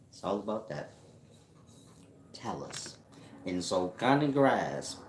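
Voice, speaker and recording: This self-styled spiritual teacher runs a casual livestream, joking with viewers about their comments in slangy, rambling banter full of laughter. His lowish, slightly mellow voice is very animated yet slow, with many pauses. The sound is roomy with a little background noise.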